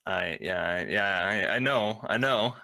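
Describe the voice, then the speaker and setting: A man's voice: on the low side, vocal fry, bright, forceful tone, no echo. A man running a tabletop game as game master, narrating with many ums and uhs. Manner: halting, filled with ums and uhs.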